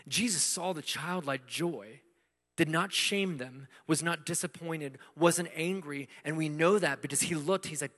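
Man, pastor, sermon, conversational, rhetorical questions, loud-to-hushed swings, long hall echo. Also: on the high side.

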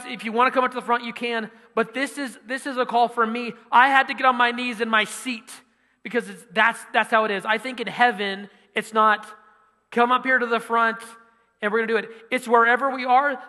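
A young man preaching, telling a personal story with animated energy and rising volume as he drives to his point. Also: very high-pitched. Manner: animated storytelling, loud when quoting himself. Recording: long hall reverb.

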